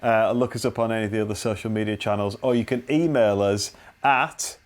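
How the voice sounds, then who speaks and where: A man's voice: lowish voice, fairly even intonation, a little fast. An English man co-hosting a casual podcast, playful and teasing, often laughing. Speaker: podcast co-host.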